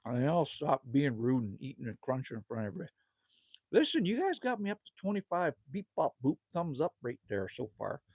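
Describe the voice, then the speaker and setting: A man's voice: medium pitch, very animated, fairly quick, a little mellow, slightly rough, dry recording, studio quality. A man hosting a casual live stream outdoors at a cabin, answering viewer comments in a chatty, laid-back way and calling everyone man or buddy.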